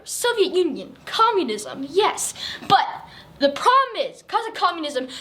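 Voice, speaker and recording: Very high-voiced rambling young woman. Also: a bit bright, slight background noise. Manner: rambling, self-correcting, giggly. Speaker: presenter explaining history. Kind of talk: casual explainer over on-screen pictures.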